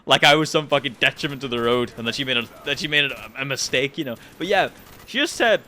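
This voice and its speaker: Young man, casual vlog storyteller with a bright, forceful voice; animated, swears a lot, spikes high when excited. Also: quick pace, a little hiss or hum. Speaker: channel host.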